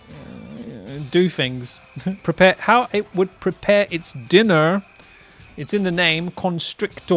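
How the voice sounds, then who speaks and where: A man's voice: high voice, fairly bright tone. A man hosting a live stream in casual chat, rambling and laughing often, tagging lines with "right?" and "bruv". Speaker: streamer host.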